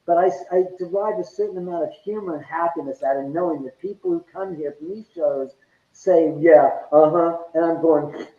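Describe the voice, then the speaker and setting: A man telling stories as a guest on an interview show, animated and often laughing as he acts out what others said. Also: a little high, normal speed. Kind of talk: casual storytelling interview. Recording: echoey, dull lo-fi sound.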